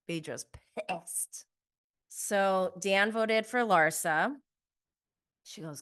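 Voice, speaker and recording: A woman's voice: medium pitch, takes it slowly, long pauses, bright, forceful tone, clear, resonant tone. A young adult woman giving a casual, gossipy recap of a reality show, laughing often and acting out contestants' lines.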